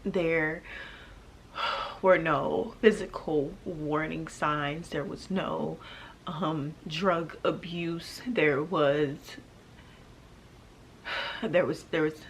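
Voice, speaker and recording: A young adult woman telling a painful personal story to camera, halting and emotional, with pauses and restarts. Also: low-pitched, slight background noise. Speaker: vlogger.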